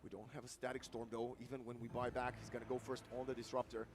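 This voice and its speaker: A male esports commentator calling a live match, excitable and rising to near-shouts at big plays, his voice going hoarse. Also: medium pitch, quick pace, noisy background. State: losing his voice.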